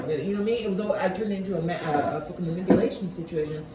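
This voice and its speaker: A woman's voice: on the low side, racing, few pauses. A woman telling a heated personal story in casual conversation, swearing often and restarting her sentences. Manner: profane, agitated storytelling with many restarts. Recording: echoey room with loud background noise.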